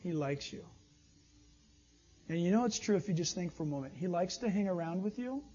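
Animated high-voiced preaching man. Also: fast talker, husky. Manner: animated preaching, acts out little dialogues. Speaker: pastor. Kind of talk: sermon. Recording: dull lo-fi sound.

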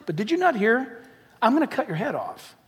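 A man's voice: very high voice, sing-song, fairly quick, husky, exaggerated voice. A man playing a friendly male executioner who apologizes for carrying out his orders. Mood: apologetic. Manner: friendly, matter-of-fact. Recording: long reverb of a large hall.

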